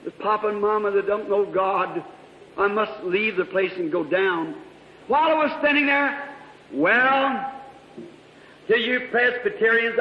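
High, fervent man preaching in a hall. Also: a little hiss or hum. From Indiana, USA. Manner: fervent storytelling, rising to shouts. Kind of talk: sermon. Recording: echoey hall, dull old recording.

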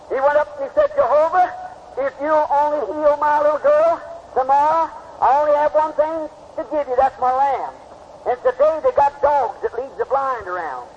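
A man with a very high voice delivers a fervent sermon, acting out the voices of its story before moving into prayer. The recording is an old, dull tape with a faint hiss underneath. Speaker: preacher.

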